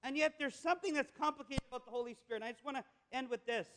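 A man's voice: extremely high pitch, racing, fairly bright tone, a little hiss or hum. A man preaching a sermon, telling a joke as a story and building to emphatic, repeated declarations. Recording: echoey hall with long reverb.

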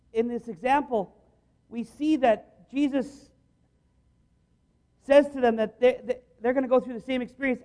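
A male preacher with a notably high voice, giving a sermon. He speaks earnestly and conversationally, often stopping mid-sentence to rephrase before pressing on. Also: darkish tone. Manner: earnest, conversational, many restarts.

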